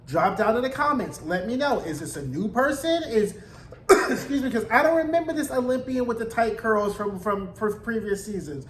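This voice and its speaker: A man's voice: high voice, animated, moderate pace. A man giving a sassy, slangy, gossipy recap of a TV episode. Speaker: TV recap vlogger. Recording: roomy echo, faint background noise.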